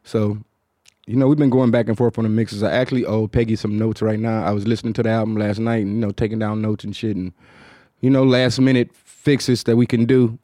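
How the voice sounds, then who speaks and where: Low-talking Detroit man, dry sound. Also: little pitch movement, brisk, warm tone, dry recording. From Detroit, United States. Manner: low-toned, mumbled, hard-to-follow delivery; loose, profane, rambling with many fillers. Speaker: podcast host. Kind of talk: casual chat.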